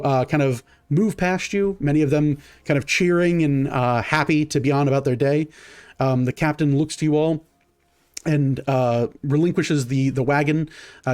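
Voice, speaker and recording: A man narrating a tabletop game as game master, in a halting way with many fillers and restarts. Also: medium pitch, darkish tone.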